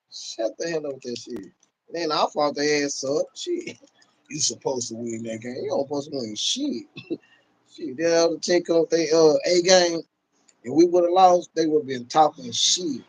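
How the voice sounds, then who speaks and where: A man with a Texas accent hosting his live stream, boasting and trash-talking in a loud, laughing rant. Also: a little high, poor audio. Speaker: channel host.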